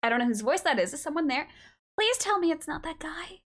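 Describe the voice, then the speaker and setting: Lively high-voiced woman streaming a game. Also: fairly quick. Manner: reads game dialogue aloud and reacts with exclamations. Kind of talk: casual live game commentary. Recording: voice over game music.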